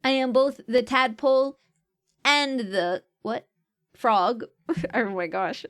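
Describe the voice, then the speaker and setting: A woman's voice: fairly high pitch, steady tone, slow. A young woman streamer chatting casually and reading out viewer comments, playful and jokey and often laughing. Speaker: VTuber streamer.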